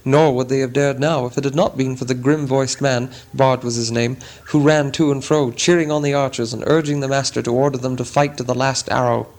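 A man reading a storybook chapter aloud as a narrator, in a measured, dramatic way. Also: mid-range voice, fairly even intonation, a little mellow, slight background noise, low-quality recording. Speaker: audiobook narrator. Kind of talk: scripted narration.

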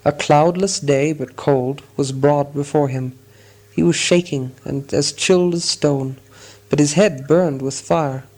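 A man reading a story aloud as audiobook narrator, in a measured storytelling manner. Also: on the high side, steady tone, a little mellow. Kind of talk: scripted narration.

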